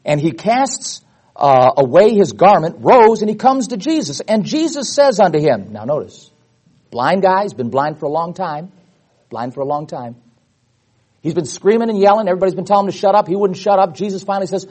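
A man's voice: high-pitched, brisk. A man preaching a Bible teaching sermon to his congregation, acting out the voices of people in the stories. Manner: animated, acts out voices in the stories.

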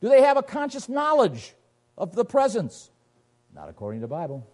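A man preaches a sermon emphatically, firing off rhetorical questions and reading scripture aloud. His pitch swings hugely while his pace stays moderate.

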